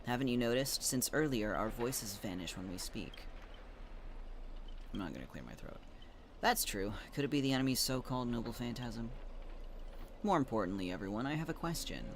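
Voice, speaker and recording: A man's voice: mid-range voice, expressive, moderate pace, pauses often, slight background noise. A man streaming a game, joking casually and reading the characters' lines aloud.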